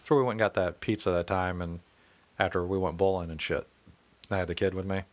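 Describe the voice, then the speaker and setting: A man's voice: low voice, fairly even intonation, a little fast. Profane, laughing man in his thirties. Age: 30s. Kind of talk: casual storytelling chat.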